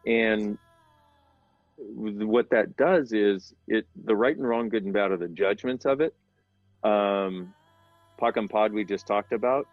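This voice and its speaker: A man's voice: on the low side, no room sound. A middle-aged man, an interview guest, explaining things in a casual, earnest and rambling way with self-deprecating asides. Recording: dull sound with faint background music.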